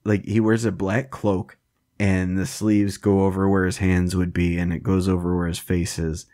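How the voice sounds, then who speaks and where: A man's voice: deep voice, level tone, moderate pace, warm tone. A man co-hosting a podcast in casual chat, joking and laughing as he riffs on silly characters. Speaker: podcast co-host.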